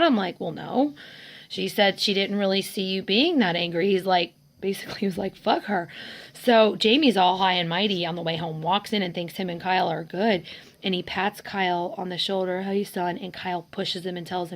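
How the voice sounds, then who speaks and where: A woman's voice: medium pitch, steady tone, a little fast, creaky. A woman in her forties speaks straight to the camera in a personal vlog. She pours out a painful story, acting out the people she quotes. Her voice stays emotional and close to tears throughout. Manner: emotional, venting, quoting others in dialogue. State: tearful. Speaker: vlogger.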